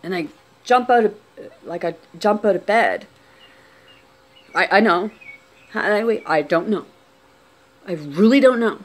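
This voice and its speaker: With a mid-range voice, lively intonation, a measured pace and long pauses, a woman tells a personal story on camera. It's unscripted and quiet, with lots of restarts and trailing phrases.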